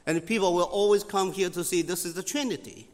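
In a big, echoing room, a man with a high-pitched voice teaches scripture like a sermon. He speaks haltingly, leaning on fillers and repeating key phrases for emphasis.

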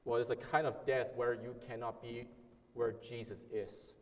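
A man's voice: medium pitch, flat delivery, moderate pace, big-room sound. A man preaching a sermon as a pastor, earnest and emphatic, repeating key words and sometimes restarting phrases.

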